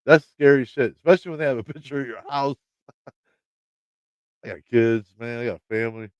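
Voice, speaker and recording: A man's voice: medium pitch, brisk, a little mellow, clear, resonant tone, dry recording, highs cut off. A man with a Midwestern American accent hosting a livestream, telling a story in a rambling, casual way, swearing often and laughing. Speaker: channel host talking to live chat.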